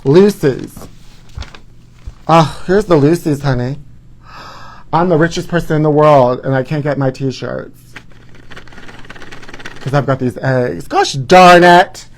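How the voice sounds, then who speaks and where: A man's voice: a little high, fairly even intonation, slow, long pauses, darkish tone. A man hosting a live gossip show, campy and dramatic, who keeps calling his viewers honey. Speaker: host.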